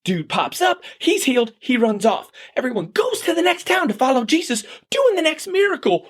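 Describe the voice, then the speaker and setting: A woman doing a stand-up comedy bit, telling the story as a comic and acting out a gruff complaining homeowner. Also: high voice, very animated, moderate pace. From United States.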